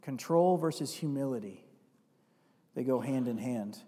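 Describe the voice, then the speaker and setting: A man preaching a sermon, building to emphatic runs and dropping to quiet confessional asides, and reading scripture aloud. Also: mid-range voice, animated, measured pace, husky. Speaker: pastor. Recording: long hall reverb.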